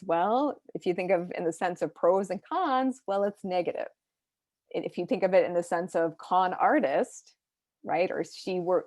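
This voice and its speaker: A woman gives a recorded lecture on close reading, explaining step by step and checking in with "right?". Her voice is of middling pitch. It sounds dry and close, with no room echo. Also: darkish tone. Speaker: teacher.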